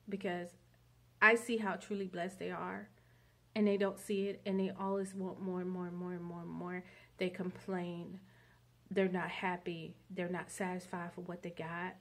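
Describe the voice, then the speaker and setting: A woman vlogger telling a long story in a rambling, chatty monologue. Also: mid-range voice. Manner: chatty, rambling, many fillers.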